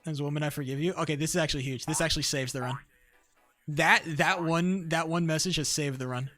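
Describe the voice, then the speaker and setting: A young man chats with his live-stream viewers while he plays, cursing freely and getting worked up. His voice sits a little high and sounds sharp and forceful. Soft game music hums underneath. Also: fast talker. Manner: profane, excitable, talks to chat between bursts of laughter. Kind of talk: casual live-stream gaming chat.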